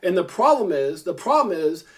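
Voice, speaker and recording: A man's voice: high-pitched, very animated. A man, a crypto YouTuber, ranting to camera, irritated, emphatic and repetitive. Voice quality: fast, emphatic, repeats himself. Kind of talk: heated rant to camera.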